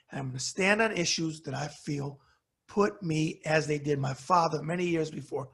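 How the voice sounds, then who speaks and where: A middle-aged man with a New York accent rants at the camera, blunt and heated and swearing freely. His voice is gravelly and husky, sitting a little high for a man. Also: a bit bright. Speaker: commentary show host. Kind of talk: angry profane rant to camera.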